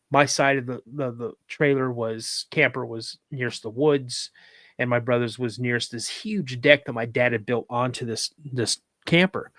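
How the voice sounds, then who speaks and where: A male podcast guest tells a story in casual conversation, his medium-pitched voice slightly bright and recorded dry with studio quality. He rambles, restarts, uses fillers, and acts out other people's lines in a raised voice.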